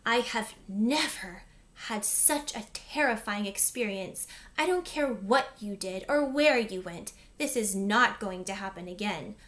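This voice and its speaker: A woman's voice: a little high, moderate pace, close to an everyday voice. A woman voicing a hysterical, melodramatic rich mother who screams shrilly.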